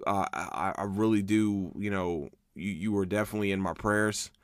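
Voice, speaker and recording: A man hosting his own podcast, talking casually and excitedly, swearing often and restarting his sentences as he rambles. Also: on the low side, moderate pace, clear, resonant tone, no room sound, studio quality. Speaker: podcast host. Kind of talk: casual solo podcast chat.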